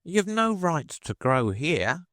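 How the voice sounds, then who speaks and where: A man voicing a small, sulky dormouse who speaks slowly and peevishly. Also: fairly high pitch, big pitch swings, a bit bright, dry recording, studio quality, pitched above the performer's own voice, heavily acted.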